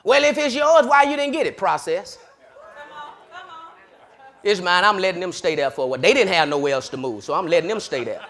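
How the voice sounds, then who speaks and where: A man preaching a sermon, swinging between loud hollering and low murmurs and laughing often. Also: expressive, a little fast, long pauses, a faint crowd.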